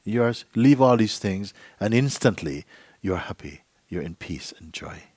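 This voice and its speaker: A man's voice: on the low side, lively intonation, moderate pace, a little mellow, no room sound. A man giving a spiritual talk to a gathering. He talks playfully, acts out little dialogues and laughs often. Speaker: spiritual teacher. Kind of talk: satsang talk. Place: meeting hall.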